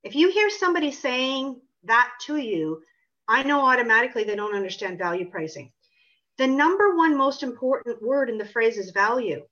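A woman's voice: a little high, animated, normal speed, pushed and bright. A woman author answering interview questions in an emphatic, assertive way. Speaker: author and pricing consultant. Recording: dull lo-fi audio.

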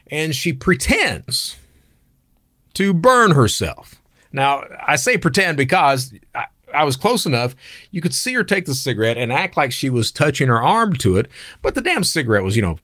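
Husky-voiced man telling a blunt story. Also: medium pitch, a bit bright, dry recording, clean studio sound. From United States. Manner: candid, blunt, swears casually. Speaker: channel host. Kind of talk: personal storytelling monologue.

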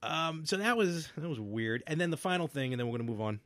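A man co-hosting a podcast in casual chat, telling stories with lively energy and frequent laughs. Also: on the high side, fast talker, no room sound, studio quality. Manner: animated storyteller, laughs often. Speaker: podcast co-host.

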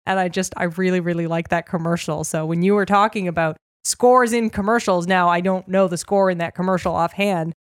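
A woman's voice: on the low side, steady tone, fairly quick, few pauses, dry recording, clean studio sound. A woman chatting enthusiastically and telling stories in a casual group conversation. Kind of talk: casual chat.

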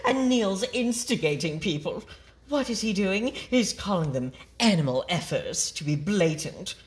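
A woman's voice: mid-range voice, huge pitch swings, takes it slowly. Mocking woman reading an email aloud. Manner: mocking, dramatic emphasis, frequent laughter. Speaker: podcast host.

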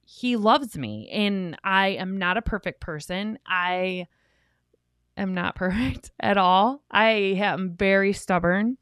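A woman's voice: medium pitch, fairly bright tone, smooth, no room sound, studio quality. A woman co-hosting a couples podcast, telling a long, rambling story in a chatty way. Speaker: podcast co-host. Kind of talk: casual podcast talk.

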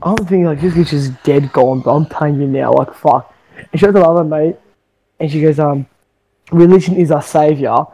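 A man hosting a loose podcast chat, telling stories in a rambling way and swearing freely. His voice sits slightly high for a man. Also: brisk, mellow, rough recording. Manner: swears a lot, rambling with many fillers. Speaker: podcast host. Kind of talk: casual chat, storytelling.

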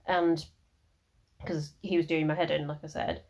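A young woman tells her own story on her podcast, rambling and frank, with plenty of swearing. Her voice sits a little low for a woman, and she talks casually. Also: level tone, normal speed, a little mellow. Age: early 20s. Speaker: podcast host.

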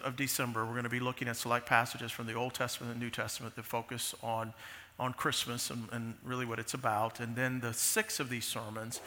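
A man's voice: medium pitch, sharp tone, in a large hall. A man preaching a sermon as pastor, conversational and full of restarts and fillers, in a large church sanctuary.

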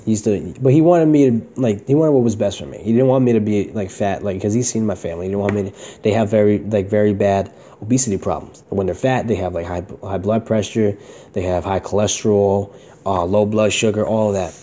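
A man's voice: fairly low pitch, a little fast, warm tone, slight background noise. A young man hosting his own podcast, telling a personal story in a casual, rambling way, full of slang and swearing. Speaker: podcast host.

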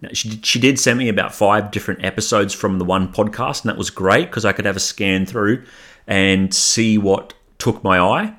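A male podcast host with a fairly low voice introduces clips from other shows. He talks in a relaxed, conversational way and sprinkles in ums as he goes. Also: moderate pace. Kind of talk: casual podcast narration.

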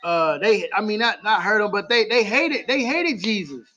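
A man delivers an impassioned sermon on a home livestream. His voice sits unusually high as he repeats lines for emphasis. The audio sounds dull and lo-fi. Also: animated, moderate pace, pushed and bright. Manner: impassioned, repetitive preaching in vernacular English. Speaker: livestream preacher.

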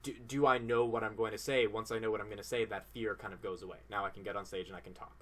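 Male podcast host, conversational interviewer, quick affirmations. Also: lowish voice, fairly even intonation. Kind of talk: interview questions.

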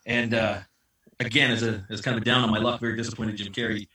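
A man's voice: on the low side, flat delivery, fast talker, sharp tone. A man playing a tabletop game in a mock-gloomy, hesitant way. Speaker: player. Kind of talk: casual game chat. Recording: distant and echoey, crowd behind.

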